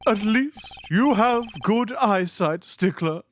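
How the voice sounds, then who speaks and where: A woman's voice: medium pitch, expressive, takes it slowly, slight background noise. A woman voicing a nervous, stammering male witness in a game read-through. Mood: boastful. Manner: stammering, exclamatory.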